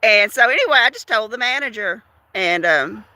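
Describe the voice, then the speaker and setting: A woman chatting on a livestream, telling a story to viewers in an animated, talkative way. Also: fairly high pitch, normal speed, no echo. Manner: chatty, animated, repeats words for effect. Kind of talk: casual livestream chat, storytelling.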